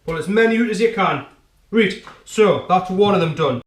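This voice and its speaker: At a moderate pace and in a high, expressive voice, a man runs a home cooking show, chopping as he goes. He banters with the viewer in a chatty, jokey way, often saying "right?", and the recording has an echoey kitchen sound with faint noise.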